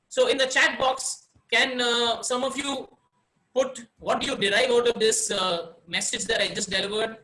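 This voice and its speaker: A man from India giving a webinar on presentation skills, speaking expressively and playing with pauses and emphasis. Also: very high voice, steady tone, pushed and bright, rough recording. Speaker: webinar speaker, success coach. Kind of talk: online presentation training.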